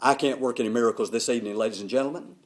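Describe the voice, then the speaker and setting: An older man preaching a sermon, telling stories with emphatic, animated delivery. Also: medium pitch, very fast.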